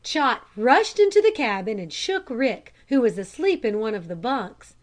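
A woman reading a children's storybook aloud in a calm, measured narration. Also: fairly high pitch. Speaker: audiobook reader.

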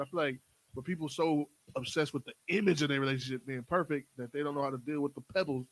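A man's voice: on the high side, fast talker, low-quality recording. A young man, co-hosting a casual podcast chat, loose and profane, telling stories with quoted asides. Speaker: podcast co-host.

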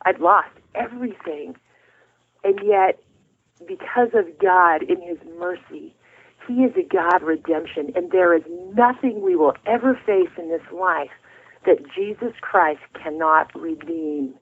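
A woman's voice: fairly low pitch, unhurried, slightly rough. A middle-aged woman, a guest author, telling her story of faith in an earnest, heartfelt way. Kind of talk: faith testimony in an interview. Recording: tinny phone line.

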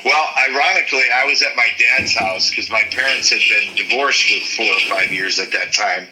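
A former football player from Michigan, a man telling blunt, animated stories in an interview. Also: lowish voice, normal speed, slight background noise, rough recording. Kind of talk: storytelling interview.

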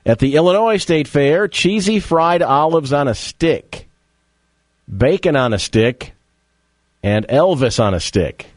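A man's voice: on the high side, animated, slow pace, no room sound. A man hosting a casual radio talk show, joking and quizzing his co-host.

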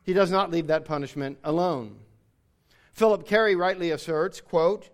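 A man's voice: on the high side, normal speed. A man preaching a sermon, explaining scripture and reading passages aloud with emphasis. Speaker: pastor.

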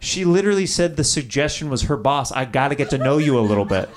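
A man riffs and teases audience members in improvised stand-up at a comedy club, his medium-pitched voice lively and quick. Music plays under him, and the live crowd laughs along.

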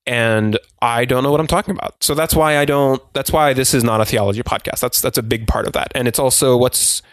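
A man's voice: medium pitch, brisk, dry recording, studio quality. A man co-hosting a podcast, talking casually and rambling with many restarts and self-deprecating asides. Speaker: podcast co-host.

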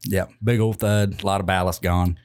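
A man hosting a casual chat, reacting with quick swearing comments. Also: deep voice, level tone, clear, resonant tone, dry recording.

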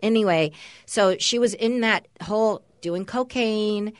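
A woman co-hosting a podcast, talking in an animated, swearing, gossipy way. Her voice is mid-pitched and sits close and dry. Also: no room sound. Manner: animated, profane, quick to laugh. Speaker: podcast co-host. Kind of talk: casual chat. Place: Los Angeles.

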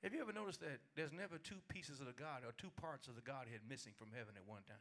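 A man's voice: mid-range voice, fast. A man preaching a midweek sermon as pastor, telling funny stories with acted-out voices and laughter in a folksy, colloquial way. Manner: animated storytelling with laughter and acted-out quotes.

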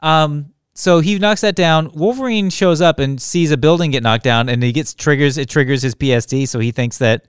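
A man's voice: on the high side, normal speed, few pauses, clear, resonant tone, no echo, studio quality. A man chatting casually on a podcast, rambling and correcting himself as he jokes along. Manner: rambling, self-correcting, joking. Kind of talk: casual chat.

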